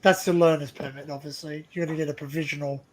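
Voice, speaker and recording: An Australian man hosting a live stream over a video call, chatty and quick to laugh, often repeating himself. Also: a little high, flat delivery, low-quality recording. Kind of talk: casual live stream chat.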